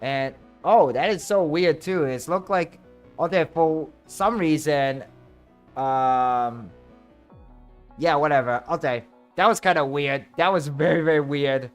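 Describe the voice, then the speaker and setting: Excitable high-voiced male streamer. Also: measured pace, faint music behind. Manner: excitable, exclaims loudly, chats with viewers. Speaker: VTuber streamer. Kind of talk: casual livestream chat while playing.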